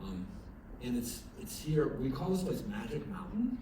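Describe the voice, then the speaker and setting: A man's voice: on the high side, normal speed. A man giving a chapel sermon as pastor, talking conversationally with many fillers and restarts and growing emphatic as he tells a story, recorded from a distance in a chapel. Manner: grows lively and emphatic when telling a story. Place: chapel at an evening service. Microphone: distant from the recording mic. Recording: very echoey chapel from far off, room noise.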